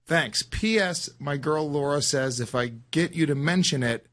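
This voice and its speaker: A man's voice: on the high side, measured pace, fairly bright tone. Hesitant joking podcast co-host man. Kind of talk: casual chat.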